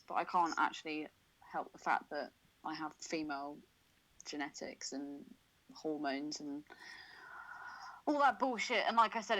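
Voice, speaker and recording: A woman's voice: low voice, a bit bright, low-quality recording. A woman co-hosting a podcast, talking in a crude, casual way with lots of swearing and laughter. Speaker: podcast co-host.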